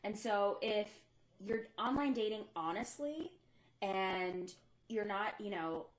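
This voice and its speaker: A young woman co-hosting a podcast in casual chat, talkative and quick to laugh. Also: medium pitch, animated, rough recording. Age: young adult. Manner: chatty, laughs often. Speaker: podcast co-host.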